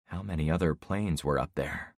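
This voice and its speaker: Male narrator, very low pitch, steady measured first-person storytelling, dead-dry booth. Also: no echo. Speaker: audiobook narrator.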